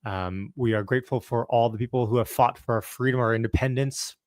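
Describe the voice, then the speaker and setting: A man's voice: steady tone, a little fast, dry recording, studio quality. Chatty Canadian man hosting a stock livestream. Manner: upbeat, greets viewers by name, chatty asides; talking a bit lower and quieter to not wake the house. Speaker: stock market livestream host. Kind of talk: casual livestream chat. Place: home, early morning.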